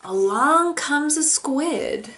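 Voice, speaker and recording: A young woman who teaches toddlers, reading a picture book aloud and gently explaining feeling words. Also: sits high, expressive, drawn-out words.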